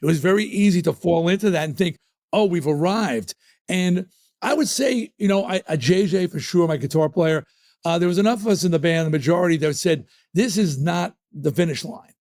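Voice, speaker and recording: A man from the New York area, a rock singer, telling stories in an emphatic, animated way as a guest in a casual interview. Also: high voice, fast talker.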